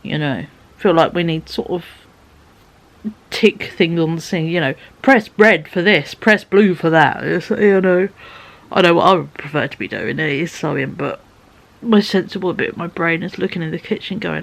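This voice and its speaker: A woman vlogging in a casual, rambling way, her voice a little croaky and tight. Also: on the low side, moderate pace. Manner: rambling, chatty, laughs often. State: slightly croaky voice. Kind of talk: casual chat to camera.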